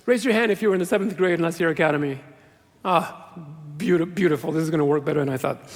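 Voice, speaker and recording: High-voiced, gravelly male pastor preaching. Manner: earnest, conversational preaching with self-deprecating humor. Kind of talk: sermon. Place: large church sanctuary. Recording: long reverb of a church hall.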